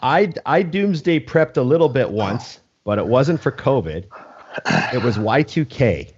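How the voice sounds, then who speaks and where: A man's voice: medium pitch, very animated, unhurried, a little mellow, slightly rough. A man hosting a podcast in a casual chat, laid-back and swearing offhandedly. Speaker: podcast host. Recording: dull lo-fi podcast audio.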